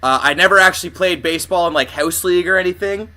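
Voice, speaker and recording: A man's voice: high voice, fast talker, sharp tone. A man co-hosting a comedy podcast, rambling casually with many "uh"s. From Canada. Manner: rambling, with frequent "uh" and laughter. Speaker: podcast co-host. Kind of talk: casual chat.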